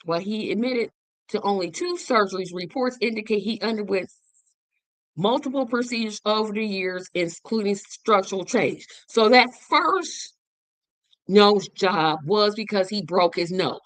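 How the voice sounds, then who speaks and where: This is a woman host chatting about a film she just saw. Her pitch leaps up and down and she leans hard on words, repeating them for effect. The sound is dry, with no room echo. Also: animated, a little slow. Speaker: show host. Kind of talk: casual movie review chat.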